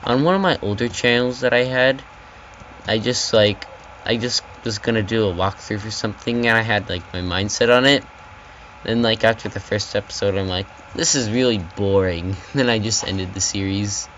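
Low-voiced man in a noisy let's-play. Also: moderate pace, muffled recording. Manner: rambling, yelps and repeats words when panicked. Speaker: gaming channel host. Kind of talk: casual let's-play commentary. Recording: loud game noise behind the voice.

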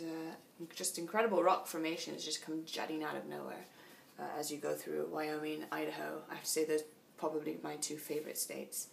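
A woman's voice: low-pitched, gravelly, far from the mic, slight background noise. A tired woman chatting casually in a video diary about her cycling trip, laughing often, in a small motel room. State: tired after a long flight. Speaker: long-distance cyclist vlogging.

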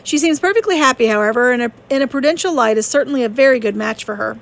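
A woman reading the part of a witty, sharp-tongued young woman in an audiobook, brisk and pointed. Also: high voice, gravelly.

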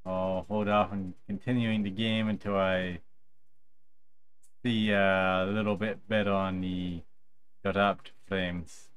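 A man streaming a video game, talking slowly and patiently and chatting softly to his pet duck. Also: low-pitched, little pitch movement, slight background noise. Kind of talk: casual live game stream chat.

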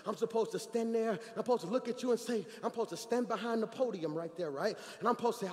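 A middle-aged man preaching an energetic sermon, telling stories and swinging from quiet asides to shouts. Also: high-pitched, brisk. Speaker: pastor. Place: large church hall. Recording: reverberant church hall.

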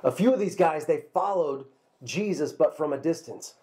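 Lively high-voiced man telling a Bible story. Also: moderate pace. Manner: lively storyteller, repeats words while talking. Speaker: children's pastor.

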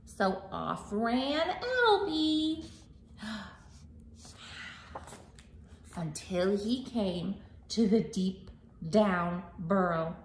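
A woman reading a picture book aloud to children as librarian, animated and singsong, asking them questions, in an echoey room. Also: mid-range voice, drawn-out words, long pauses, slight background noise.

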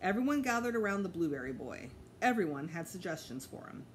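A teacher reading a children's chapter book aloud in an expressive storytelling manner. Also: female voice, fairly low pitch, brisk, slight background noise. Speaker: elementary school teacher.

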